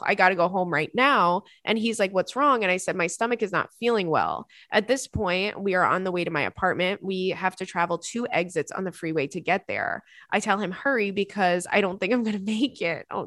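Laughing, animated woman podcast host. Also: fairly low pitch, no room sound, clean studio sound. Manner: animated, laughing, dramatic reactions. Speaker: podcast host reading listener stories. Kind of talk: casual chat.

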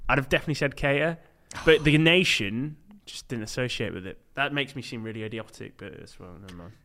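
A man's voice: medium pitch, quick pace, pushed and bright. A man playing along in a casual football quiz chat, chatty and self-mocking. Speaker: quiz contestant.

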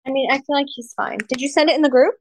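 A woman co-hosting a podcast, chatting casually in an expressive, melodramatic, joking way. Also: high-pitched, rapid-fire, a little hiss or hum. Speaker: podcast co-host. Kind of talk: casual chat.

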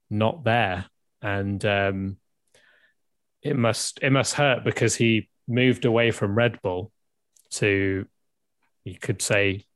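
A man's voice: on the low side, a bit bright, dry recording. Hesitant man on a podcast call. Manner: hesitant, restarts often. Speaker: podcast co-host. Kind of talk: casual chat. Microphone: video call.

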